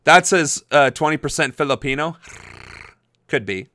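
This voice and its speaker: This young man hosts a political livestream, reading chat messages and chatting casually in a rambling way full of fillers, laughing easily. His voice sits on the high side, expressive and bright with a forceful edge, at a normal speed.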